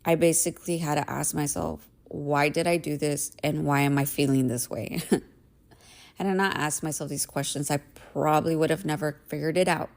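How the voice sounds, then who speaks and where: Woman podcast host, 30s, low voice with vocal fry, candid casual monologue, swears, keeps checking in with "right?". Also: steady tone, moderate pace. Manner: candid and emphatic, swears, says "right?" often.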